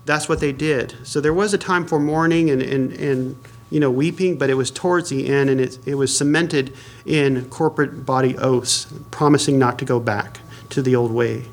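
A man's voice: mid-range voice, steady tone, normal speed. A man, a pastor, preaches a sermon in a conversational way, with many fillers and restarts, and asks the congregation questions.

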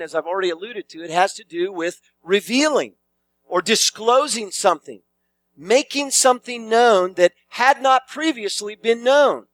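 A man's voice: high voice, a bit bright, no room sound. A man preaching an expository sermon as pastor, emphatic and repeating key phrases for weight.

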